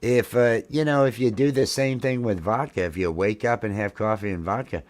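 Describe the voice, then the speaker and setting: Deep-voiced guy in his 50s just rambling on a live stream over coffee, lots of uhs. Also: normal speed. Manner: rambling, lots of fillers and restarts, folksy. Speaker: livestream host. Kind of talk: casual live chat. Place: home, drinking coffee while streaming.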